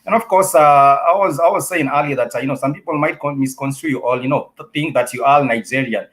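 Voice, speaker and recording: A man's voice: mid-range voice, quick pace, fairly bright tone. A man hosting a studio interview show, rambling through questions with many fillers. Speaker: talk show host.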